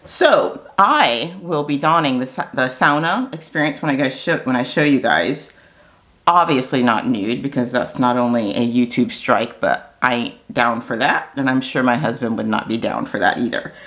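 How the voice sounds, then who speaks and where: American woman, vlogger, chatty, animated, talks straight to camera. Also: rumbling low, normal speed. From United States. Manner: chatty and animated, with fillers and asides. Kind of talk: casual chat to camera.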